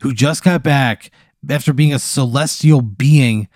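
A man co-hosting a comedy podcast, answering a story with sardonic, flat remarks and outbursts. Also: medium pitch, measured pace, no room sound, studio quality. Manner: sardonic, flat replies that burst into outrage. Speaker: podcast co-host. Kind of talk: comedic banter.

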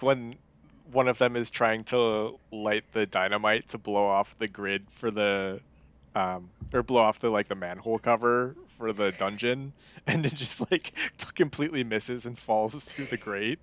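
A man's voice: fairly low pitch, fairly even intonation, unhurried, fairly bright tone. A man chatting casually about a film, hesitant and often restarting his sentences. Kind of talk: casual chat.

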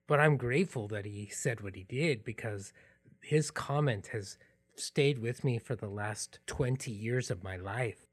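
A man hosting a podcast, telling a personal story in a reflective, earnest way that drops into quiet asides. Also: lowish voice, slightly rough. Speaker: podcast host.

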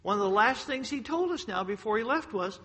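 A man preaching a sermon to a congregation, telling a personal story emphatically, swinging between loud outbursts and hushed lines. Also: high voice, animated, brisk. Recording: long hall reverb.

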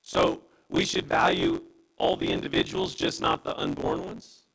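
A man's voice: a little slow, a bit bright, low-quality recording. A man preaching a sermon as pastor, impassioned and emphatic. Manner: impassioned preaching with wide pitch swings.

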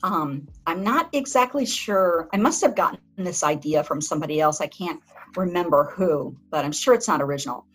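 A woman author being interviewed, talking in a reflective, halting way with frequent restarts. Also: lowish voice, expressive, poor audio. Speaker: author and guest. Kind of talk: conversational interview.

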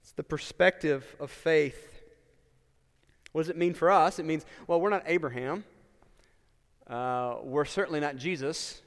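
A man's voice: a little high, measured pace, pauses often, long reverb tail. A male pastor, preaching a sermon in a conversational way, with asides and rhetorical questions.

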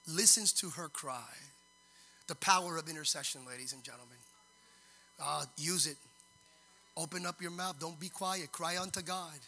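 A man preaching a sermon, dramatic, moving from hushed storytelling to loud, sung-out exhortation. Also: fairly high pitch, fairly even intonation, moderate pace, pauses often, soft background music.

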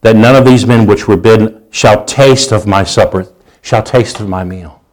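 A man preaching a sermon, reading scripture aloud in a raised, slowed voice and then dropping into low, conversational asides, often repeating himself. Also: a little mellow, low-quality recording. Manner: repeats and restarts words while preaching. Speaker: pastor.

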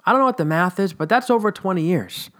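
A man's voice: high voice, lively intonation, fast talker, fairly bright tone. A man in his late thirties giving a blunt, candid personal monologue about his faith, with wry asides and frank language. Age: 30s. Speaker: former church teacher.

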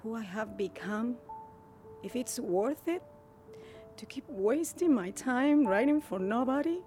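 An actress playing a young pregnant writer, hesitant and full of self-doubt, speaking over soft music. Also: female voice, on the high side, lively intonation, measured pace. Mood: doubtful. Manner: hesitant, doubtful, close to tears.

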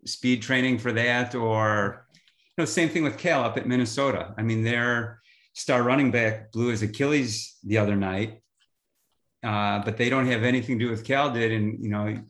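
A man who teaches high school history and coaches, talking in a relaxed, rambling way as a podcast guest. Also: moderate pace. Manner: relaxed, rambling, many fillers. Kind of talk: casual interview chat. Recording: roomy echo.

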